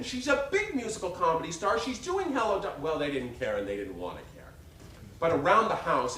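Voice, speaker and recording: A man in his fifties performing a one-man show, telling stories in an animated, self-mocking way. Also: on the high side, brisk, slight background noise. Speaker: stage performer. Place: theater stage. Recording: roomy live stage sound from a distance.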